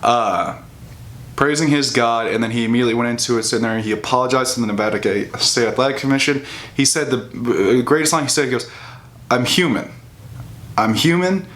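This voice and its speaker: A man's voice: mid-range voice, fast, a bit bright. A young man venting in a casual, profane commentary rant, full of restarts and mocking asides. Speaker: bodybuilding vlogger.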